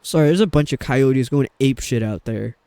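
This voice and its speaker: A man's voice: medium pitch, normal speed, mellow, clean tone, dry recording. A man from New York with a New York accent, chatting and rambling casually while streaming a game. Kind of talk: casual chat while gaming.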